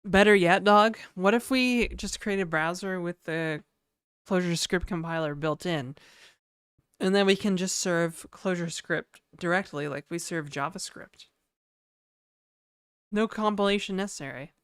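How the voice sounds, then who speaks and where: Slow-talking, laid-back woman streamer. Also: fairly low pitch, smooth, no room sound, studio quality. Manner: laid-back, slangy, sighing and chatting to viewers. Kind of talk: casual live-stream chat.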